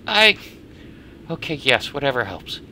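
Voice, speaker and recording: A man voicing a grieving young mother in a high, pleading falsetto, reading a game's story aloud. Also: sing-song, unhurried, bright, forceful tone, slight background noise, heavily acted. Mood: stunned.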